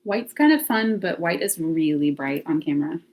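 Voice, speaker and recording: A woman's voice: deep voice, lively intonation, moderate pace, darkish tone. Chatty woman livestreaming from home. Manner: chatty, thinking aloud, laughs often. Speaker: livestream host. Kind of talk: casual live chat to viewers. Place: home, near laundry closet.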